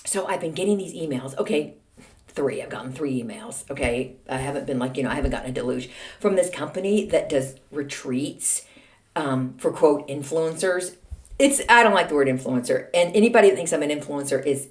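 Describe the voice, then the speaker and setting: A middle-aged woman talks through a casual solo podcast with a chatty, self-deprecating manner. Her pitch swoops up and down as she tells her stories with animation. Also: very animated, brisk. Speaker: podcast host.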